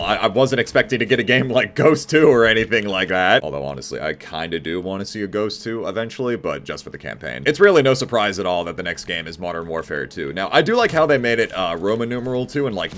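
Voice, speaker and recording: A man giving casual, excitable gameplay commentary, chatting to viewers with frequent exclamations. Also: lowish voice. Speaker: gaming YouTuber.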